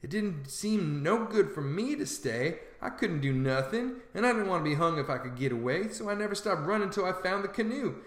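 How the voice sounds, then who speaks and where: A man reading a classic novel aloud, narrating in a lively, folksy boy's voice. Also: sits high, fairly quick, hardly any pauses, roomy sound. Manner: animated, folksy narration voicing a boy. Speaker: audiobook reader. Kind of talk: storybook narration.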